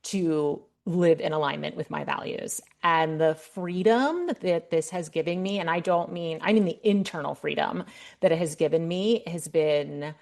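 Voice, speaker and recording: Woman podcast host, middle-aged, lowish pitch, candid rambling storytelling. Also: moderate pace, vocal fry, a little mellow. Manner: candid, storytelling with many restarts. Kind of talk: casual interview chat.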